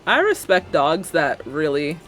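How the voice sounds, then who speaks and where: A woman's voice: sits low, very animated, measured pace, a bit bright, soft background music. A woman streamer chatting casually while building in a game, rambling, joking and laughing often.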